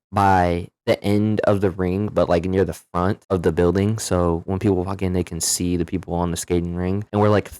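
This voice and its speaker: A man's voice: deep voice, no echo. Slangy young man telling a story. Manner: slangy, animated retelling with profanity. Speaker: storyteller vlogger. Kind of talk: casual storytime monologue.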